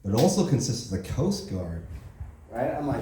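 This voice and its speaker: Profane stand-up comic in an echoey club. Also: male voice, medium pitch, sing-song, moderate pace, warm tone, a little hiss or hum. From Korean heritage. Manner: profane, conversational, keeps asking "right?" and "you know?". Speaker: stand-up comedian. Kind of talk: open mic stand-up set. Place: comedy club open mic. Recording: echoey room, mic heard from a distance.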